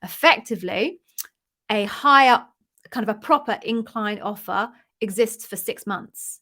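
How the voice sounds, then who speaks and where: A woman's voice: on the high side, a little slow, pushed and bright. A woman giving direct, chatty coaching advice. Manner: direct, conversational, reassuring advice. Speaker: interview coach. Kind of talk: casual Q&A answering viewer questions.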